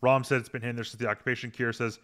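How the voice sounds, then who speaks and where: Bright-voiced man recapping casually. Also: mid-range voice, level tone, very fast. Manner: rambling, retells scenes with filler hums. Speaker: podcast host. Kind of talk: casual episode recap chat.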